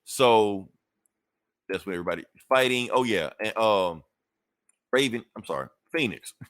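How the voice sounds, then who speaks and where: A man's voice: lowish voice, expressive, normal speed, a bit bright, no room sound, studio quality. A man hosting a podcast, casually recapping a comic book in a loose, rambling way with swearing and self-corrections. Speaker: podcast host.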